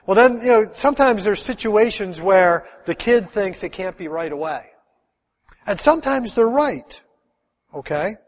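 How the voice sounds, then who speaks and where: A middle-aged man, a pastor, preaching a sermon in a lively, conversational way full of rhetorical questions. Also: high voice, measured pace, in a large hall.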